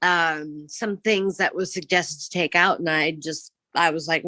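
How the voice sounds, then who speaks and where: A woman's voice: deep voice, fairly even intonation, a little slow, bright, forceful tone, no room sound. A woman from Minnesota, a guest author, chatting in a friendly, plain-spoken way over a phone video call. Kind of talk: casual interview chat.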